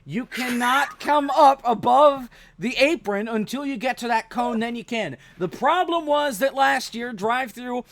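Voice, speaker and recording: A man's voice: extremely high pitch, unhurried, hardly any pauses, a bit bright. A man hosting a sim racing broadcast, talking casually and rambling with frequent restarts. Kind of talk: live stream race commentary.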